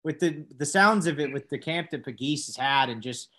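A man's voice: a little high, lively intonation, moderate pace, sharp tone. A man co-hosting a casual sports podcast, conversational and full of questions for his co-host.

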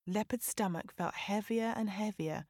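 A woman storyteller narrates a children's folk tale with animated, dramatic flair and sweeping pitch rises. She speaks at normal speed, and the studio-quality recording has no echo.

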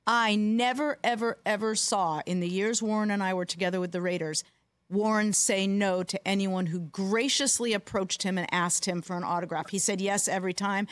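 A woman co-hosting a casual podcast, talking in an emphatic, animated way. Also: mid-range voice, moderate pace, no room sound. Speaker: co-host.

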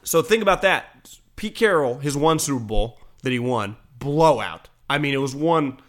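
A man talking casually about football, animated, swearing now and then and acting out quotes. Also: medium pitch, normal speed. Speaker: sports talk show host. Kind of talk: casual sports chat.

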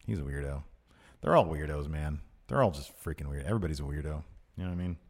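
A man co-hosting a podcast, chatting casually about wrestling in an animated, rambling way. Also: husky. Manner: animated, rambling, quick swings in pitch. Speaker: podcast co-host.

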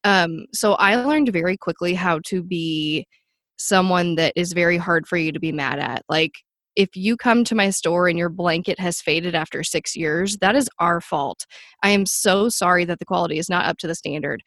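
A woman's voice: fairly low pitch, moderate pace, fairly bright tone, dry recording, clean studio sound. Earnest young woman, polite and chatty. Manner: polite, earnest, filler-heavy. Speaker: podcast guest. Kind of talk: casual interview chat.

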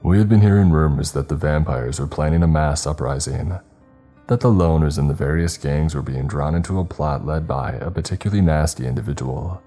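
A man voicing a calm, suave male supervisor who speaks smoothly. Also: very deep voice, brisk, soft background music.

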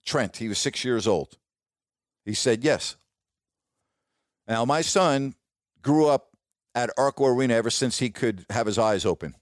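A middle-aged sportscaster and podcast host tells a casual story in a warm, reminiscing way, speaking a little slowly with frequent pauses. When he quotes other people, he drops his voice lower. The recording is dry, with no echo.

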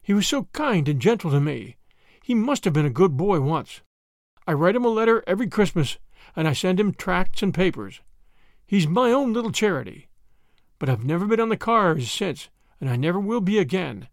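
A man's voice: high-pitched, very animated, moderate pace, vocal fry, no echo, clean studio sound, heavily acted. A man voicing a kindly but stubborn old grandmother who talks earnestly and frets, in a storybook reading. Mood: reflective.

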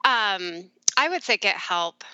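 A middle-aged woman speaks openly in an interview, her voice bright and crisp. She is reflective and unhurried, with soft laughs slipping into her sentences. The sound is dry and close, with no room around it. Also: medium pitch, animated, no echo, muffled recording. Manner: warm, reflective, often laughing softly. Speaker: therapist guest. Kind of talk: candid conversational interview.

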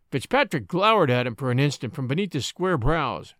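A man's voice: mid-range voice, very animated, fairly quick, fairly bright tone, no room sound, studio quality. A man narrating a classic short story aloud and hosting a story podcast, reading dramatically. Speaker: audiobook narrator and podcast host.

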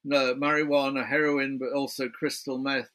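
A man's voice: mid-range voice, level tone, normal speed, pushed and bright. A British man, an author guest in a remote interview, chatty and building his story point by point. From Britain.

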